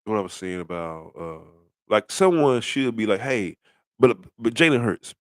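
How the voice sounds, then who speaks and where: A man's voice: on the low side, animated, moderate pace, dry recording. A middle-aged man ranting bluntly about football in a rambling, casual way, full of rhetorical questions. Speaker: sports commentator. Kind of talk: casual sports rant.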